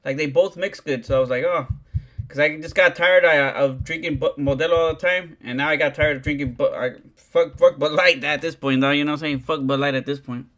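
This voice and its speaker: A man's voice: on the high side, fairly even intonation, a little fast, fairly bright tone. A man, chatting casually on a livestream, rambling and swearing in heavy slang. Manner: profane, slangy, rambling, keeps saying "dog".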